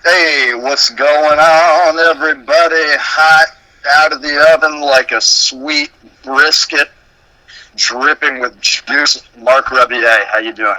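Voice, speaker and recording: A man's voice: a little high, steady tone, slow pace, pushed and bright, dry recording, rough recording. A man from Dallas, a musician talking about his work in a loose, playful way, swearing freely. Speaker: musician guest. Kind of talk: casual chat.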